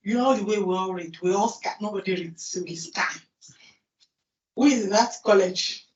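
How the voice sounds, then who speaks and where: A woman with a Nigerian accent giving a lively conference talk, asking the audience questions and then answering them herself. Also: mid-range voice, normal speed. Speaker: conference speaker. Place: large conference hall. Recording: distant, roomy, dull hall recording.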